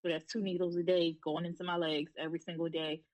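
A woman's voice: lowish voice, level tone, fast talker, darkish tone, highs cut off. A woman in her thirties, a podcast guest, telling her own story frankly and bluntly with casual swearing. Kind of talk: candid personal storytelling.

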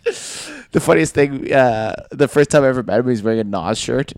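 A man's voice: mid-range voice, expressive, moderate pace, darkish tone, slight background noise. A young man co-hosting a podcast, chatting casually, swearing and laughing often. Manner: laughs a lot, swears, does comic voices. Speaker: podcast co-host. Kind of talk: casual profane chat.

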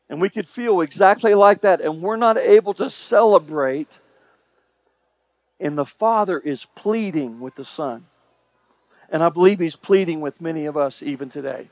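High-voiced man preaching emphatically. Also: moderate pace, no room sound. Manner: emphatic preaching, repeats phrases, addresses congregation directly. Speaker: pastor. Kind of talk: sermon.

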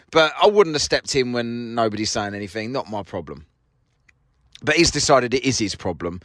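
In a fairly bright, medium-pitched voice with no room sound, this podcast host recounts a quarrel from his parked car, voicing both parties. The casual monologue is mocking and full of swearing.

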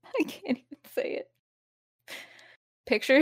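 Gravelly lady cohost, talks slow, giggles a lot, bit higher voice. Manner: giggly, expressive reactions. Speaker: podcast co-host. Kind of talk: casual podcast chat.

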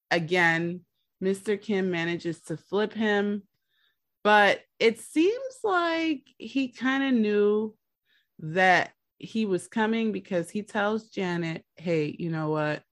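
A woman's voice: mid-range voice, no echo. A woman hosting a podcast, casually retelling a TV episode in a chatty storytelling way. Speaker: podcast host.

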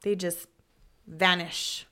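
A young woman co-hosting a casual podcast, stuffy from a cold and chatting loudly with frequent laughter. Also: on the low side, fairly even intonation, slow, clear, resonant tone. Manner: loud and spunky, laughs often. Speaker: podcast co-host. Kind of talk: casual chat.

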